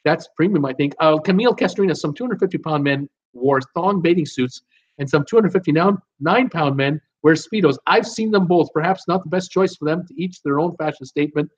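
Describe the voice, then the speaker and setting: A man's voice: a little high, brisk, muffled recording. A man hosts a live cruise Q and A stream, chatting casually and reading out viewer names and comments with many "uh" fillers.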